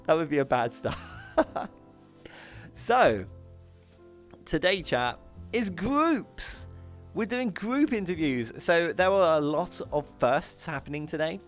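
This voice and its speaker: A British man hosting a VR talk show livestream, greeting his chat affectionately, giggling often and poking fun at himself. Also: a little high. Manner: bubbly and affectionate, giggly, self-mocking.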